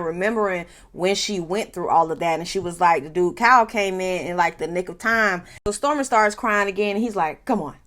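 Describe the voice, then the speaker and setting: A woman giving a sassy, animated, casual recap of a reality show, laughing often and talking straight to her viewers. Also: lowish voice.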